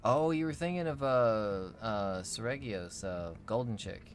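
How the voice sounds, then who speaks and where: A man's voice: lowish voice, measured pace, a little hiss or hum. A man co-hosting a gaming livestream, chatting casually and rambling playfully. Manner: rambling, playful, fond of mock pronunciations. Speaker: livestream co-host. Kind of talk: casual gaming stream chat.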